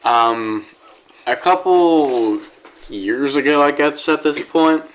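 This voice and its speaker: A man's voice: on the high side, slow pace, poor audio. A man co-hosting a casual podcast, joking around and laughing often. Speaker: podcast co-host.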